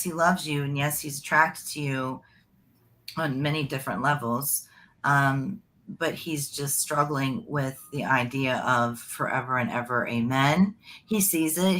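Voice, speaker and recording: Low-voiced woman psychic rambling on during a live reading, chatty and loose, says honey a lot. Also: a little slow, fairly bright tone.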